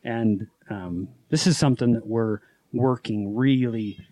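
A man from Utah, a farmer and podcast guest, telling stories in casual chat, animated and laughing often. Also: mid-range voice, measured pace, no echo. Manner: animated, laughs often, acts out quoted voices. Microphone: podcast studio microphone.

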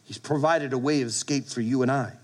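A man's voice: medium pitch, brisk. A male pastor preaching a sermon to his congregation, emphatic, repeating phrases and restarting with stammers. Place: church service with congregation.

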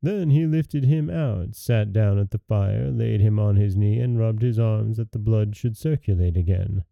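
Male storyteller host, gravelly mid-pitched voice, dry close mic, dull audio, faint music. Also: a little slow, dry recording. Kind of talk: scripted storybook narration.

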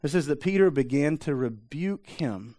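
A man's voice: fairly high pitch, animated, normal speed, dark tone, dry recording. A man preaching a sermon in a conversational way, often adding asides and checking in with the listeners. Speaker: pastor.

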